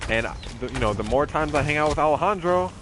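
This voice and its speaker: A man's voice: on the high side, animated, quick pace, background noise. A man streaming a game, chatting in a rambling, profane way with lots of fillers. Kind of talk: casual chat while streaming a game.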